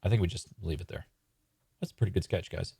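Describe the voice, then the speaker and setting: A man's voice: deep voice, fast talker, creaky, mellow, breathy edge, no room sound, studio quality. A man writing comedy live on stream, talking casually and hesitantly with many fillers. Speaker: sketch writer and streamer. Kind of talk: live sketch-writing chat.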